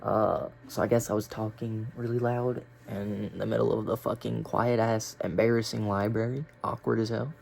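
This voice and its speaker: A man's voice: lowish voice, fairly even intonation, normal speed, vocal fry, few pauses, darkish tone, a little hiss or hum. A young man telling a story casually, rambling and swearing with lots of fillers. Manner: rambling, profane, filler-heavy.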